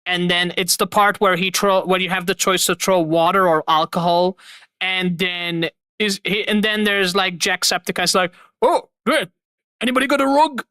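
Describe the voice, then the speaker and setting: A man's voice: high-pitched, flat delivery, normal speed, sharp tone, clean tone, no echo. A man hosting a live stream, chatting casually to his viewers in an upbeat, rambling, slangy way. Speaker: streamer host.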